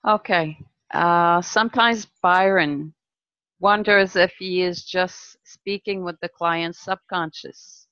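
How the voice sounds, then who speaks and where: A questioner from France with a French accent, asking hesitant, quiet questions in a session. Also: medium pitch, fairly even intonation, slow, smooth, dry recording, lo-fi sound.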